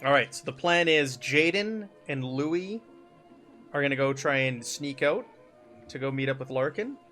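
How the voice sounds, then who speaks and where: A man running a tabletop game as game master, describing scenes in a relaxed way and laughing often. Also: medium pitch, measured pace, faint music behind.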